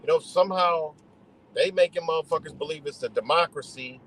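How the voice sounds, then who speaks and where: A man with a voice pitched a touch higher than most, delivering a profane ranting monologue. He talks in a heated, emphatic way, repeats himself and restarts sentences as he goes. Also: fairly quick, fairly bright tone, low-quality recording. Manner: heated, emphatic, heavy swearing; repetitive, restarts mid-thought. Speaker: live streamer.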